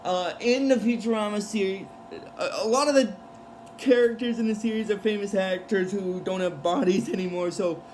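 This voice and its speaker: Man, high voice, casual recap vlog, rambling, lots of fillers and restarts, faint background hiss. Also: normal speed, darkish tone, poor audio. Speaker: show recap vlogger.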